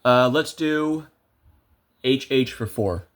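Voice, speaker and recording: Slow and medium-pitched, this young gameplay video creator talks his way through a video game, amused at himself, chatty, and full of filler words as he thinks out loud.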